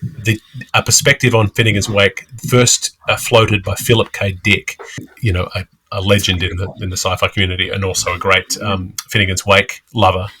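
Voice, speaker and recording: A man's voice: on the low side, level tone, normal speed, sharp tone, slightly rough. A middle-aged man co-hosting a podcast, talking in a chatty way with frequent restarts. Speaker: podcast co-host. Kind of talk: casual podcast discussion.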